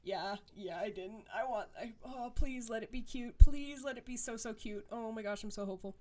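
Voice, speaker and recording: A woman's voice: a little high, normal speed, noisy background. A young woman streamer reading a dating game aloud and adding giggly, teasing, sarcastic asides.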